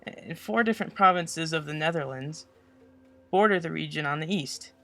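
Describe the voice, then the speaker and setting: A teenage boy delivers a school presentation voice-over, tossing out sarcastic, mocking jokes between facts. His voice is bright and a little high for a young man. Soft music runs faintly behind him. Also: moderate pace, gravelly. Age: teens. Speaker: student presenter.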